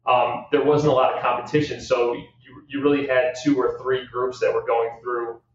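Male guest with a measured, hedging delivery. Distant, heavily echoing audio with a dull tone. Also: medium pitch, level tone, slight background noise. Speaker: real estate guest. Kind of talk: casual podcast interview. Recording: distant mic in a very echoey room, dull.

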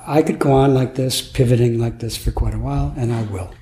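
A man's voice: medium pitch, fairly quick, dark tone. Musing man giving a Zen dharma talk. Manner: playful, laughing, musing aloud. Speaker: Zen teacher. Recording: echoey room, faint noise.

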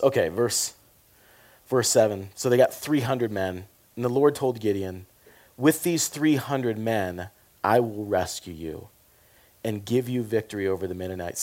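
A pastor preaching with a loose, conversational touch. He tosses in jokes and quiet asides, then pushes hard on key words. His voice sits in a middle pitch for a man. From American South. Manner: conversational, jokey, swings between quiet asides and loud emphasis. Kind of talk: sermon.

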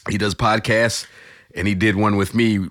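A middle-aged man from St. Louis with a very deep voice, telling stories animatedly in a casual podcast chat and slipping into voices. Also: normal speed, no echo, studio quality. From St. Louis, Missouri. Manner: animated storyteller, breaks into voices and laughs. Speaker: voice actor guest.

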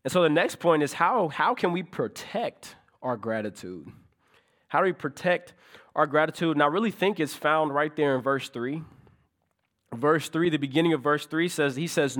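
A man's voice: on the high side, animated, moderate pace. A man preaching a sermon in a conversational way, asking rhetorical questions and building to emphatic peaks. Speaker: pastor.

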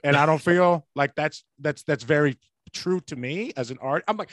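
A man's voice: high-pitched, brisk, a bit bright, no echo. A man, a stand-up comedian, joking playfully in casual podcast chat and laughing often.

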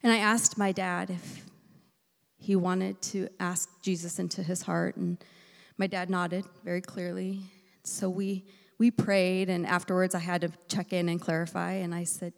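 Preaching in a church sanctuary where long reverb rings through the hall, a woman speaks with a gravelly, creaky voice that's fairly low and flat in pitch. Her unhurried delivery swings between loud, emphatic lines and soft, breathy near-whispers as she shares a personal story.

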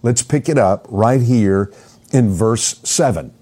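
A man's voice: lowish voice, takes it slowly, warm tone, husky. A man preaching an expository sermon, earnest, asking the listeners questions and often repeating words as he goes.

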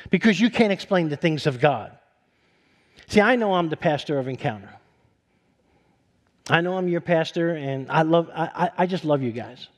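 Male pastor, high voice, sermon, storytelling, excitable rises in pitch.

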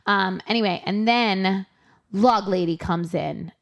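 A woman co-hosting a casual recap podcast, chatty and profane, slipping into quick voices for the characters. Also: mid-range voice, creaky. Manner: chatty, swears, acts out characters in quick impressions. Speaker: podcast co-host recapping a TV episode. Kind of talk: casual chat.

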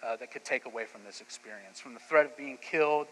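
A man preaching a sermon as a pastor, retelling scripture as lively, casual storytelling. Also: mid-range voice, fast, long reverb tail, a little hiss or hum, rough recording.

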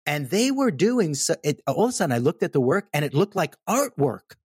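A man telling a personal story in casual conversation, animated and emphatic. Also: on the high side, a little fast, breathy edge, no echo, studio quality. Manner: animated, emphatic, repeats "okay?" for effect.

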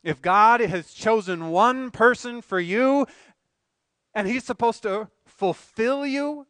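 A man's voice: sits high, slow pace, fairly bright tone, clear, resonant tone, no room sound. A man preaching a sermon as pastor, earnest, asking rhetorical questions and pressing his points with emphatic swells.

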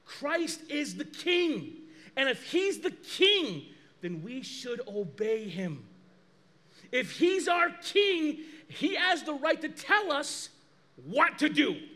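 A man preaching a sermon as pastor, lively and animated, acting out quoted dialogue. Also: very high voice.

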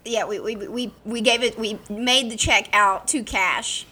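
Bright, punning woman podcast host. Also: fairly high pitch, fairly even intonation, unhurried, a little hiss or hum. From Alabama. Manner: playful, punning, self-mocking storyteller. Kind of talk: casual chat.

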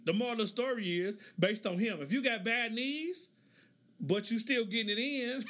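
A man's voice: high-pitched, fairly bright tone. A middle-aged man hosting a casual monologue, telling stories in a laid-back way, laughing often and acting out the lines of the people in them. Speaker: podcast host.

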